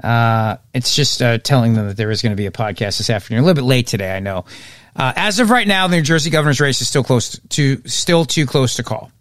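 A man's voice: mid-range voice, lively intonation, fast, fairly bright tone, dry recording, studio quality. A man hosting a political commentary podcast, talking in a sarcastic, mocking way. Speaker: podcast host.

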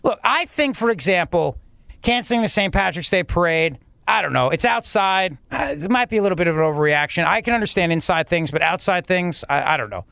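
Incredulous radio host with a high, clear voice. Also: male voice, lively intonation, brisk, bright, forceful tone, no room sound. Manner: incredulous, sarcastic, with lots of restarts. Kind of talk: casual radio talk. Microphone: studio mic.

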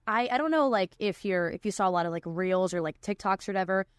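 A woman's voice: mid-range voice, expressive, fast talker, smooth, dry recording, clean studio sound. A young woman hosting a casual podcast chat, talking loosely with many likes and restarts. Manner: chatty, many likes and restarts, laughs often. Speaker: podcast host.

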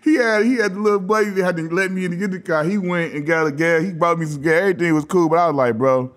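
A man's voice: sits high, quick pace. A man from Los Angeles, a podcast guest, telling casual stories and acting out the voices of the people in them with a lot of laughter. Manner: animated storyteller who acts out quoted voices, laughing often. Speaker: podcast guest, former basketball player. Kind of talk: casual storytelling chat.

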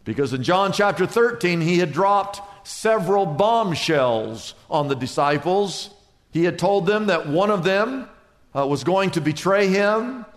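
A male pastor preaching a sermon, acting out worried voices and calming replies with dramatic swings. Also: high-pitched, a little slow. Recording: echoey hall with long reverb.

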